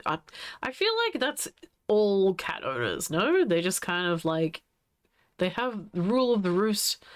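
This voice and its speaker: A woman livestreamer in easy, casual commentary, gushing and giggling as she talks to the screen. Her voice sits a little low, yet it swoops up and down a great deal. She takes her time, letting each thought unhurriedly stretch out. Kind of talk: casual live-stream commentary.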